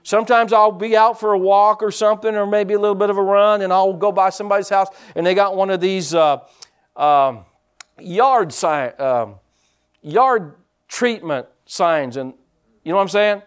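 A man delivers a conversational sermon at normal speed, his voice smooth and sitting high. He drops in amens frequently and shifts from quiet asides to emphatic, louder points.

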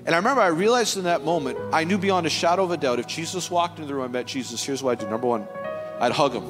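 Earnest pastor preaching over music. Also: male voice, on the high side, rapid-fire. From Canada. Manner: earnest, animated storytelling with many restarts. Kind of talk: sermon. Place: church sanctuary.

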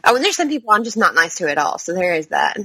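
A woman's voice: lowish voice, sing-song, fast, sharp tone, slightly rough, no room sound. A woman co-hosting a podcast in casual chat, talkative, swearing freely and laughing often. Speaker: podcast co-host.

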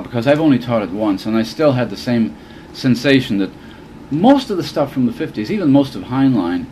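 A man hosting a podcast live at a convention, asking questions in a lively, animated way. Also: medium pitch, slight background noise, poor audio. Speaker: podcast host. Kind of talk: live panel discussion. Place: convention room.

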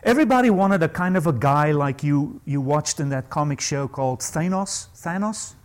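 A man preaching a sermon, emphatic, asking his listeners questions and swinging from low asides to high, ringing stresses. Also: a little fast, rough recording. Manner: asks the congregation questions.

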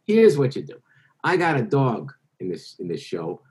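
A man doing a brisk carnival showman. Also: medium pitch, huge pitch swings, darkish tone. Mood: persuasive. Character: fast-talking adult male carnival showman.

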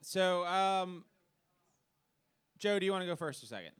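A man's voice: high voice, expressive, measured pace, fairly bright tone, smooth. A man hosting a live comedy game show on a club stage, upbeat and announcing.

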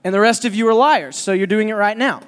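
A man preaching a sermon, telling a lively personal story and teasing his listeners. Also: sits high, fast talker, clean tone, in a large hall. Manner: animated, joking storyteller who teases the audience.

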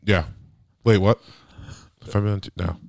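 A man's voice: lowish voice, fairly even intonation, normal speed, gravelly, darkish tone, no echo, clean studio sound. A young man joking and rambling in casual chat as a podcast co-host.

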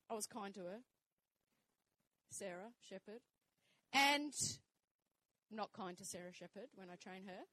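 A woman's voice: medium pitch, measured pace, pauses often, bright, forceful tone, no room sound, rough recording. A woman minister preaching a sermon, fervent and repetitive, building up to strong declarations. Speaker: minister and fitness trainer.

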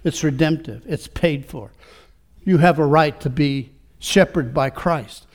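A man with a high voice preaching a sermon. He asks his listeners rhetorical question after rhetorical question, dropping into quiet, reflective stretches and then building back up to fervent declarations. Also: measured pace. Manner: swings between quiet reflection and rising fervor. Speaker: pastor.

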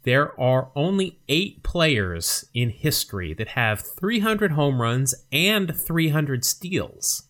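A man's voice: on the high side, big pitch swings, slow pace, few pauses, fairly bright tone. A man co-hosting a podcast in a casual, upbeat chat, laughing easily. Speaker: podcast co-host.

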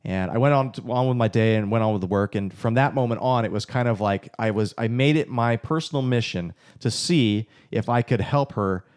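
A man tells his own story candidly and with animation. He pokes fun at himself in a relaxed, conversational way. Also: mid-range voice, brisk, few pauses, clear, resonant tone. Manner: candid, animated, self-deprecating. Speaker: podcast co-host, husband. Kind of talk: casual storytelling talk.

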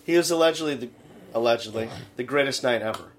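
A man co-hosting a comedic radio talk show, retelling scenes in a rambling, halting way full of fillers. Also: mid-range voice. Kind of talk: casual comedic chat.

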